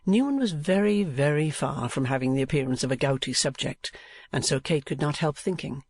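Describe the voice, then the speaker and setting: A man giving a measured, expressive audiobook narration. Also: on the high side, creaky, no room sound. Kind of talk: scripted narration.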